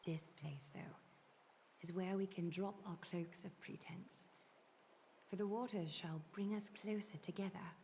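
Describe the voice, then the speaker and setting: An actress with a British accent voicing a poised, refined noblewoman in a game, speaking in a soft, proper manner. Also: lowish voice, unhurried, slight background noise. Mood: soothing. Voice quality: posh, proper, soft-spoken. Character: poised, refined noblewoman weaver, calm and soothing. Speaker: game character. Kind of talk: video game voice acting. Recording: game audio with music behind.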